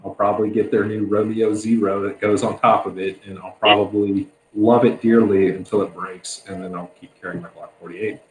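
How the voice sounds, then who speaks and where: Male host, low voice, relaxed chat, echoey room with faint hiss. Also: a little fast, hardly any pauses. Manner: laid-back, laughs often. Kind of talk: casual livestream chat.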